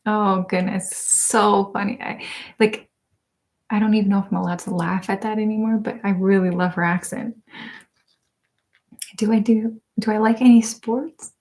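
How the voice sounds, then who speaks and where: A woman hosting an ASMR live stream in casual chat with her viewers. She is soft-spoken, often drifts into whispers and laughs a lot. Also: mid-range voice, fairly even intonation, moderate pace. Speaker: ASMR channel host.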